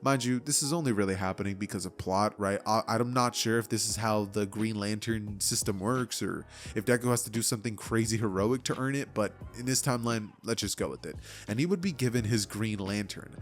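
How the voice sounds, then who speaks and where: A man's voice: lowish voice, a little fast, few pauses, soft background music. A man casually narrating a fan-made story in a loose, chatty way with lots of fillers.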